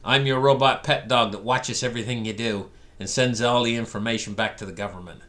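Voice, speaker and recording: A man's voice: mid-range voice, fairly even intonation, a little fast, fairly bright tone, pitched below the performer's own voice, natural voice. A man voicing a bossy robot pet dog that snoops and scolds with threats. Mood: scolding.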